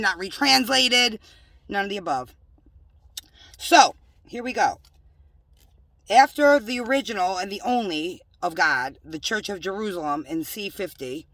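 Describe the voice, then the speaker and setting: A woman's voice: mid-range voice, fairly bright tone, no room sound, recorded from a distance. A woman preaching in a home-made religious video, emphatic and scolding, with joking asides. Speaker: self-styled religious preacher.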